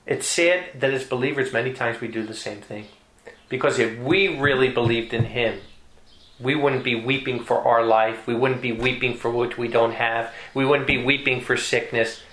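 A man preaching a sermon with emphasis, repeating key phrases and climbing in pitch to stress a point. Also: moderate pace, fairly bright tone. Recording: echoey room.

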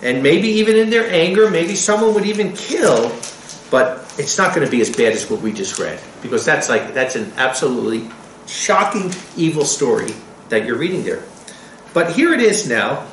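Animated preacher with a lively voice. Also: male voice, on the high side, normal speed, roomy sound, a little hiss or hum, rough recording. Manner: animated, acts out quotes. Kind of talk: sermon.

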